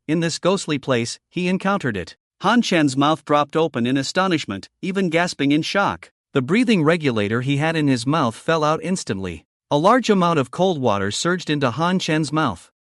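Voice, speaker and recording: A man tells a comic story recap in a scripted, dramatic way. His voice sits a bit high and swings widely in pitch. The sound is close and dry, with no room echo. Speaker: recap narrator.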